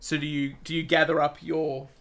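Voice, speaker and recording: A man's voice: on the high side, flat delivery, moderate pace, creaky, a bit bright. A man running a tabletop game as game master, narrating loosely with lots of fillers and frequent laughter.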